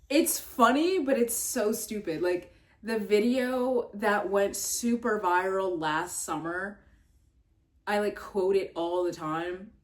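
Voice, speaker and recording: A young adult woman vlogging in a casual, rambling way, full of fillers and swearing, jumping up in pitch when exasperated. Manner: filler-heavy, swears, trails off and restarts.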